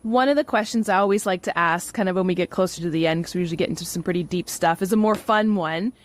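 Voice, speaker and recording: A woman from Canada hosting a podcast interview, chatty and quick to laugh. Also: lowish voice. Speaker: podcast host.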